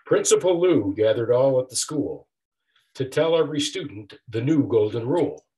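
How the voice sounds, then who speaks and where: An older man, an author reading his own rhyming picture book aloud with a steady rhythmic delivery. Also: medium pitch, moderate pace. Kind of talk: storybook read-aloud.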